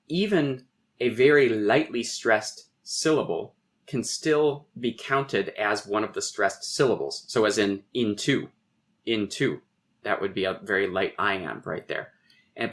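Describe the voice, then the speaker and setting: A middle-aged poet being interviewed on a podcast, explaining in a professorial way and thinking aloud with frequent restarts. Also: male voice, on the low side, expressive, measured pace, a bit bright. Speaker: poet and guest.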